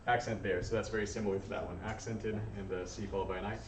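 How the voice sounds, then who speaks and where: A man teaching a Spanish lesson to a class, patient and encouraging, often pausing with ums and uhs. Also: fairly low pitch, steady tone, a little hiss or hum. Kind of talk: classroom lesson, calling on students. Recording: distant, echoey, dull room recording.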